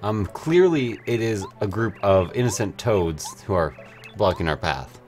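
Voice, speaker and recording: Young male let's-play co-host, animated pitch, slightly low voice, jokey and profane, faint music behind. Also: unhurried. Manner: joking, swearing, swoops between low drawl and excited highs. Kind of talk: casual gameplay chat.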